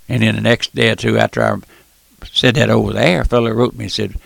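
An older man preaching a fervent radio sermon in a folksy, impassioned way, swinging from loud outbursts to hushed appeals. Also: mid-range voice, flat delivery, fast, creaky, no echo. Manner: impassioned, folksy, calls out "my friend", surges loud then drops soft.

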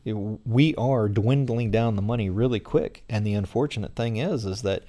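A man's voice: lowish voice, moderate pace, mellow. A middle-aged American man answering interview questions in a rambling way, full of fillers. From United States. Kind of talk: conversational interview.

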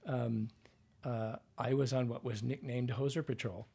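A man's voice: medium pitch, fairly even intonation, unhurried, vocal fry, darkish tone, slightly rough. A man from Canada working as a dialect coach, explaining his craft in a casual interview and often checking in with "right?". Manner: explanatory, often ends points with a questioning "right?".

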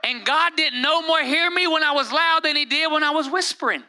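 A young male pastor preaches in a lively, chatty way. His voice sits high for a man and rings very bright. He keeps breaking into acted-out quotes. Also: brisk. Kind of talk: sermon.

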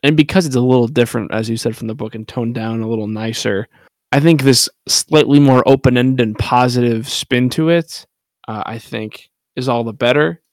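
A man's voice: mid-range voice, moderate pace, no room sound. A man co-hosting a podcast, talking loosely and hesitantly about a film, with lots of "like" and "I think". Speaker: podcast co-host. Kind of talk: casual film discussion.

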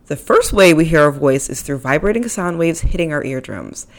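A woman's voice: deep voice, animated, normal speed. A young woman hosting her own podcast, talking casually into a microphone with playful, self-deprecating asides. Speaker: podcast host. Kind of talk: casual solo podcast talk. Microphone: studio microphone.

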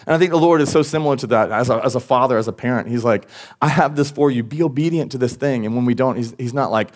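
A man's voice: mid-range voice, quick pace. Conversational man preaching a sermon. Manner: conversational, with frequent restarts and asides. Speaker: pastor. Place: church service.

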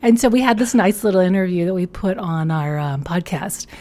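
A woman from Chicago, a podcast guest, telling lively anecdotes in casual chat and acting out what people said. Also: fairly low pitch, a little fast.

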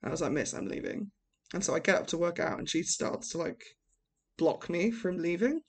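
A young woman from England co-hosting a podcast, telling animated stories and laughing often in casual chat. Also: lowish voice, fairly quick. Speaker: podcast co-host.

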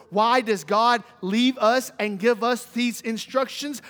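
A man's voice: high voice, fairly bright tone. A male pastor preaching a sermon in a church, emphatic and repetitive, with rhetorical questions. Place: church sanctuary. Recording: long hall reverb.

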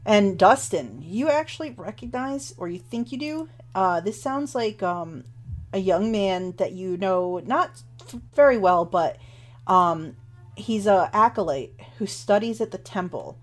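A woman's voice: mid-range voice, lively intonation, faint music behind. A woman running a tabletop game as game master, narrating at an easy pace with many fillers. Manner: unhurried, with many fillers like um and kinda.

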